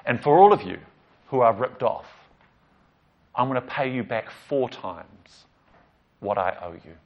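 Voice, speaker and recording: A man's voice: medium pitch, animated, measured pace. A man voicing a contrite, wealthy tax collector who confesses and promises to repay people, in a plain, lightly acted voice. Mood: remorseful. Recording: slightly dull lo-fi recording.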